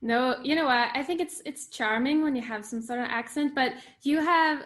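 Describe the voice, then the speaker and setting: A young Swedish writer whose first language is Swedish chats casually in a video-call interview, laughing easily and often correcting herself. Her voice is high and a bit bright, at a moderate pace.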